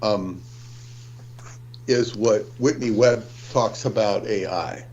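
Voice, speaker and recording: Slow, low-voiced man on dull audio. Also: darkish tone, a little hiss or hum. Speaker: livestream co-host. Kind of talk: livestream discussion.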